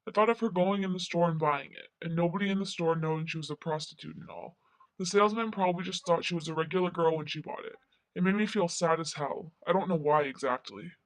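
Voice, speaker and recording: A man's voice: on the high side, fast, dry recording, lightly acted, rough recording. A young man narrating in voice-over as a restless, gloomy teenage boy, with a rambling, confessional manner and casual cursing.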